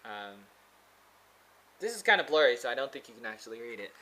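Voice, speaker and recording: A man's voice: medium pitch, sing-song, a little fast, bright, forceful tone, low-quality recording. A man vlogging from a pagoda in a rambling, casual monologue. He hesitates often, with many fillers and restarts.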